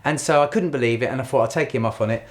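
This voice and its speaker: A man's voice: mid-range voice, rapid-fire. A middle-aged man, co-hosting a podcast and telling an anecdote animatedly, acting out the voices he quotes. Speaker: podcast co-host. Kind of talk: casual storytelling chat.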